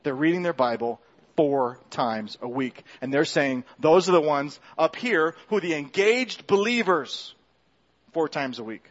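Through a muffled recording, a pastor's expressive, rather high voice delivers a sermon in a church sanctuary at a measured pace. He talks loosely, as if in conversation, with restarts and jokes at his own expense.

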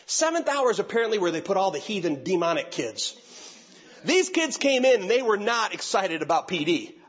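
A high, lively man with a slightly husky edge tells a comic story from the stage, leaping between voices as he acts out every character. His voice is bright, and the recording is dull and lo-fi. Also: fairly quick. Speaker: youth pastor and speaker.

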